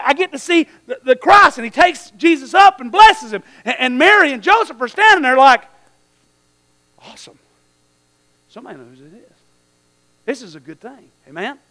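A man preaching a sermon in a folksy, animated way, often calling out amen and breaking into shouts at high points.

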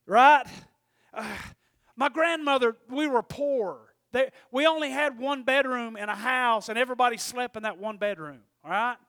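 A middle-aged man preaching a sermon, excitable, swinging between shouting and hushed talk. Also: extremely high pitch, moderate pace, no echo, clean studio sound.

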